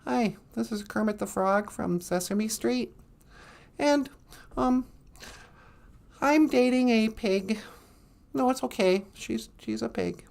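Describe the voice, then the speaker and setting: A man's voice: sits high, slow pace, creaky, long pauses, darkish tone, voice pushed down, full character voice. Kermit: a nervous, rambling frog puppet, done by a man. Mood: awkward.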